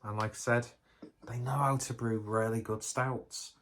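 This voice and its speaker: A man's voice: medium pitch, fairly even intonation, unhurried, a bit bright, slight background noise. A man reviewing a beer in a casual vlog, rambling and joking at his own expense. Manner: rambling, jokey, self-mocking.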